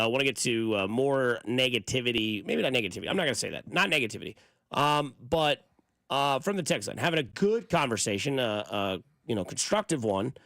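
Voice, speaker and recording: A man's voice: mid-range voice, a bit bright, no echo. A man co-hosting a sports radio show, reading listener texts aloud in a rambling, casual way with many fillers. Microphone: studio microphone.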